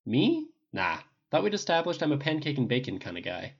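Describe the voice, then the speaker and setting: A man voicing a gentle, earnest adult male soldier with a polite, old-fashioned way of talking, on a dull lo-fi recording. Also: on the high side, big pitch swings, fairly quick, husky, voice pushed up, heavily acted.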